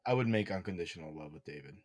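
Deep-voiced man joking in podcast chat. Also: expressive, racing. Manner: blunt, joking reactions. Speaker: podcast co-host. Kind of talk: casual chat.

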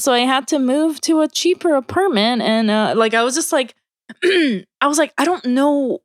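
A woman comedian chatting casually on a podcast, telling a story in a lively way with lots of "like" and acted-out quotes in changing voices. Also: sits high, normal speed, no room sound, studio quality. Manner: animated, heavy use of "like", acts out quotes in shifting voices.

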